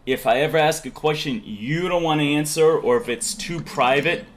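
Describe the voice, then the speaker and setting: A man's voice: a little high, moderate pace. A man hosting a live stream in casual chat, joking and reading out the chat. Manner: jokey, reads chat aloud, laughs often.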